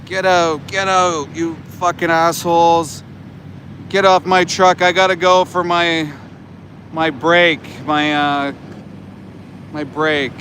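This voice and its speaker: A man's voice: fairly high pitch, little pitch movement, slow pace, pauses often, a bit bright, a little hiss or hum. A man putting on a callous, foul-mouthed slaughterhouse worker in crude, sneering mockery. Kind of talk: mocking impression on a livestream.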